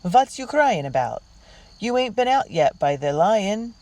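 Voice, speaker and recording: A reader voicing a brash young actor who speaks English with a Yiddish New York accent. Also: male voice, high voice, very animated, measured pace, a little mellow, far from the mic, voice pushed up, exaggerated voice. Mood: teasing.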